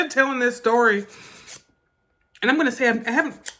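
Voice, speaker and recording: Woman vlogger, bright voice, halting and emotional storytime delivery. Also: on the high side. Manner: emotional, halting retelling with restarts. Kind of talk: storytime vlog.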